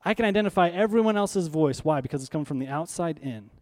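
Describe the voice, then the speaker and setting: A man's voice: a little high, animated, fast, a little mellow. A man preaching a sermon as pastor, in a conversational, emphatic style full of rhetorical questions.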